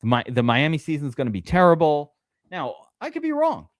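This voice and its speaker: A man's voice: fairly high pitch, huge pitch swings, a little fast, no room sound, clean studio sound. A man hosting a live fantasy football draft stream, chatting casually and rambling with restarts.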